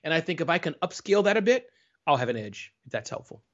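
A man's voice: fairly high pitch, sing-song, fast talker, fairly bright tone. A man giving a casual interview over a video call, talking playfully and with animation. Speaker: guest. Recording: dull lo-fi online call audio.

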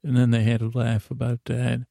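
A man tells an improvised comic tale as a podcast host, rambling and halting with many "he goes" asides. His voice is deeply gravelly and keeps a flat, level pitch. The recording is dry and close. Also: no echo. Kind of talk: improvised comedic storytelling.

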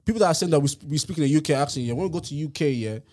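A man from Ireland with a fairly high voice argues his point on a podcast. He presses on insistently and talks over the others when they try to interrupt. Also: expressive, rapid-fire, darkish tone. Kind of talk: heated casual podcast debate.

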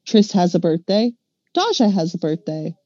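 A woman's voice: lowish voice, big pitch swings, moderate pace, mellow, no echo, lo-fi sound. A woman voicing a determined young noble girl who speaks firmly and insistently while reading a storybook aloud. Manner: firm, insistent.

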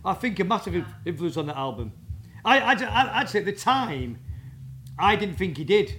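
A man, a guest drummer telling rambling, halting anecdotes in a casual interview. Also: sits high, very animated, pushed and bright, slight background noise. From England.

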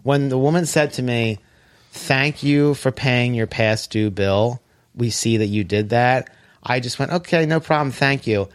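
A man in the middle of a loose podcast chat, recounting a frustrating ordeal with lots of swearing. His voice sits at an ordinary pitch, and he drops lower and flatter whenever he mimics what he or others said. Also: unhurried. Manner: animated storytelling, self-described hothead, profane. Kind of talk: casual chat.

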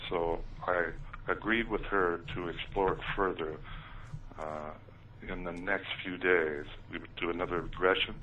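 A deep-voiced man recounts his experiences in an interview, pausing often with ums and uhs. He comes through a narrow, phone-like line, sitting back from the mic with a faint hiss behind him. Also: steady tone, recorded from a distance. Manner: hesitant, many ums and uhs. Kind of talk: interview storytelling.

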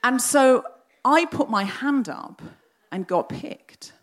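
A woman's voice: high-pitched, slow, slight background noise. A woman in her forties hosting a live comedy podcast, telling a self-mocking personal story with lots of energy. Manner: animated, self-mocking, confessional. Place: live theatre stage.

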